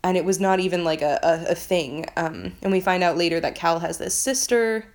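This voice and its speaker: Rambling young woman, lowish voice. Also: fairly quick. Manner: rambling, filler-heavy, swears freely. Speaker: book vlogger. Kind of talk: casual book review chat.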